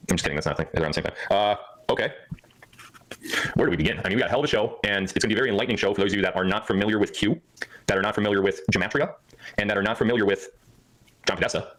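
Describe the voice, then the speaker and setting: A man's voice: fairly low pitch, racing, fairly bright tone, a little hiss or hum, poor audio. A man hosting a livestream, talking in a hyper, joking way and laughing often. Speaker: livestream host. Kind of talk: rambling livestream chat.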